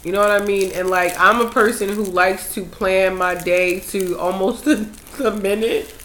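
A young woman in casual group chat, animated and swearing when worked up. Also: mid-range voice, moderate pace. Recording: echoey room with faint noise.

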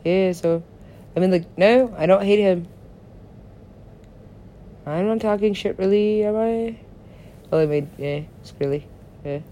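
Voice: mid-range voice, measured pace, pauses often, warm tone, slight background noise. A person rambling through a solo monologue, swearing often, laughing and talking to themselves. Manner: meandering, profane, laughs often, talks to self.

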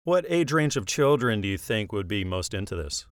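A man hosting an interview show who asks calm questions and prompts his guests with soft hums. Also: lowish voice, normal speed, no echo, clean studio sound. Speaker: radio show host.

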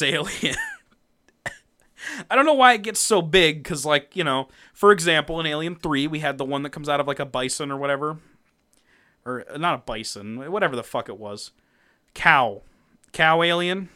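Bright-voiced, animated, laughing man. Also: a little high, normal speed. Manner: animated, laughing often, swearing freely. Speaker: podcast co-host. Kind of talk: casual comic recap chat.

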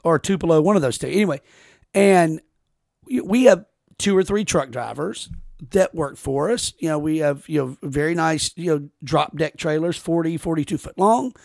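Male podcast host, gravelly, loose and profane storyteller, dry sound. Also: fairly high pitch, moderate pace, a little mellow, no echo. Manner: rambling, profane storytelling with many restarts. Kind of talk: casual podcast chat.

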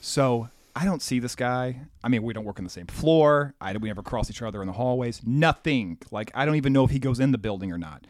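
A man's voice: mid-range voice, a little fast, few pauses, dry recording. Man telling a rambling story, dry close mic. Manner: rambling, animated anecdote with restarts and quoted dialogue. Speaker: podcast co-host. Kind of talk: casual storytelling.

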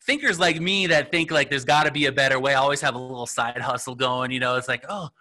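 A man's voice: medium pitch, fairly even intonation, fast, bright, forceful tone. A middle-aged man, a real estate agent, telling his story in a casual, rambling interview and acting out the dialogue he quotes. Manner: rambling, full of fillers, acts out quoted dialogue.

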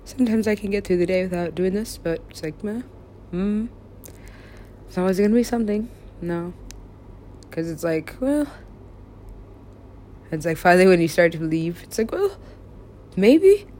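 A woman's voice: fairly low pitch, moderate pace, long pauses, mellow, a little hiss or hum. A woman recording herself in a rambling solo monologue, talking to herself and swearing casually. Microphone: self-recorded.

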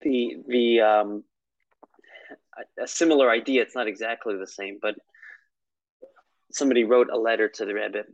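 A man's voice: lowish voice, fairly even intonation, normal speed, long pauses, no echo, dull audio. A man teaching a lesson on prayer in a conversational, storytelling way, with asides.

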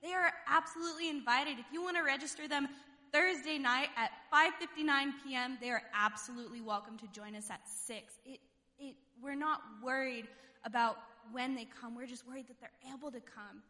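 A woman's voice: high voice, moderate pace, pushed and bright, long reverb tail. A woman youth leader leading a fervent prayer and church announcements, repeating God between phrases. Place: church sanctuary.

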